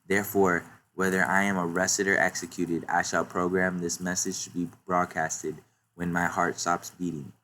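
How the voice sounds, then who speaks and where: A man reading out the lines of a solemn old male scientist in a measured, formal way. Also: sits low, level tone, pushed and bright, slight background noise.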